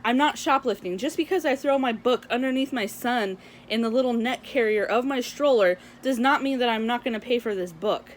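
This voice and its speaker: A young woman vlogger ranting to camera, telling a story in an animated way and acting out the dialogue. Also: fairly high pitch, fairly quick, few pauses, slight background noise. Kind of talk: casual venting rant to camera.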